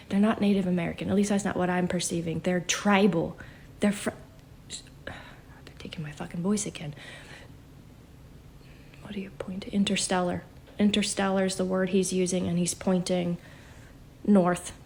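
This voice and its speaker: A shaken, emotional woman speaking haltingly as a psychic, often dropping into a whisper. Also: on the low side, gravelly, darkish tone. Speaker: self-described psychic vlogger. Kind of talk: emotional spoken channeling.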